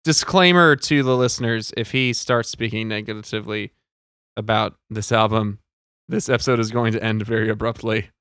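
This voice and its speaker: Co-hosting a podcast, this man keeps the chat casual, playful and full of jokes. His voice is lowish, a bit bright, clear and resonant, at a normal speed. The sound is clean studio audio with no room sound.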